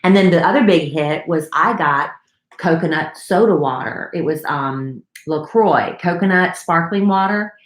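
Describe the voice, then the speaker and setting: A woman with a notably low voice, chatting casually as a podcast co-host. She teases and keeps the talk moving, and the room adds a clear echo. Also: measured pace. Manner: teasing, chatty, steers the talk. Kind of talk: casual chat.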